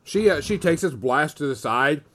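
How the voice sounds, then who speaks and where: A man running a tabletop role-playing game as game master, narrating the action slowly and deliberately. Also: a little high, animated, fairly bright tone, slight background noise. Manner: descriptive, slow and deliberate narration.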